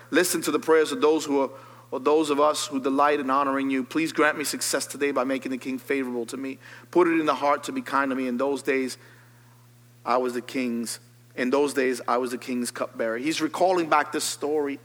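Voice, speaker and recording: A man, a pastor, preaching a sermon, reading scripture and rising to loud, high, fervent calls. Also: fairly even intonation, brisk. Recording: long hall reverb.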